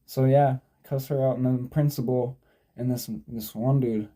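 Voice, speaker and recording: Dark-voiced young man rambling through a story. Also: medium pitch, steady tone, normal speed. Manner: digressive, profane, sidetracks and self-corrects. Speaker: vlogger.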